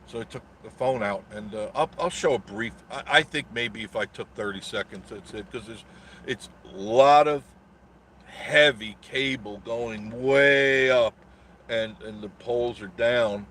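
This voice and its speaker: A man's voice: mid-range voice, measured pace, fairly bright tone, slight background noise. A man hosting a casual live stream, telling a rambling story with a sarcastic edge and greeting viewers in the chat.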